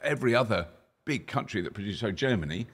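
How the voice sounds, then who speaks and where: Deep, husky-voiced man, fast. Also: animated, a bit bright. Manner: musing, thinks aloud with restarts. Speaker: host. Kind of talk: casual chat. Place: kitchen table.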